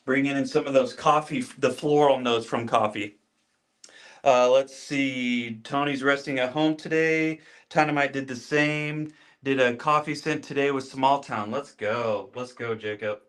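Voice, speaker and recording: Mid-range and fairly bright, the voice belongs to a livestream host. In a casual stream he greets viewers by name and chats with them while demonstrating his beard routine, repeating his phrases often.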